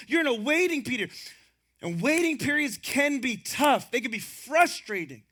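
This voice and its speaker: Bright high-voiced man preaching. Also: lively intonation, normal speed. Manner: storytelling, acts out quoted voices, laughs often; drops to a hushed low voice for scripture. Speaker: pastor. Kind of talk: sermon.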